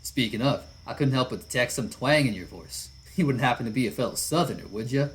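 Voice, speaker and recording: A big, easygoing otter biker drawls in a Southern accent, as a man puts him on, pitched higher than his usual and delivered loud and hearty. He is friendly and folksy, with a faint hiss of noise behind the voice, and he sounds like a character in a game being read aloud. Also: animated, fairly quick, close to an everyday voice, low-quality recording.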